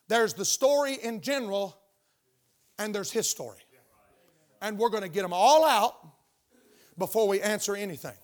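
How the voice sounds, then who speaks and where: An older male pastor preaching to his congregation in church. He speaks in a fairly high voice and keeps throwing questions out to the room, stressing his points. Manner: emphatic, call-and-response questions to the congregation. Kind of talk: sermon. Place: church sanctuary.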